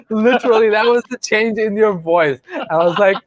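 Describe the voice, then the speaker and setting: A man's voice: sits high, moderate pace, dry recording, muffled recording. A young man, co-hosting a podcast. He teases his friend, laughs a lot and drives his points home with "okay?". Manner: teasing, laughing, emphatic "okay?". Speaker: podcast co-host. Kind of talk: casual chat.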